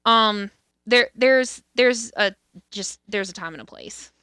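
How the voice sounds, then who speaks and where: Blunt, bright-voiced woman podcast co-host. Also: mid-range voice, expressive, takes it slowly, smooth, dry recording, clean studio sound. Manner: blunt and candid, swears freely, many fillers and restarts. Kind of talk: casual podcast chat.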